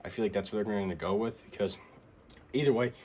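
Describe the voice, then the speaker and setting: Young man rambling excitedly, low voice. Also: fast, slight background noise. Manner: excited, rambling with many fillers and restarts. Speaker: wrestling figure collector recapping the week. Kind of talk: casual recap vlog.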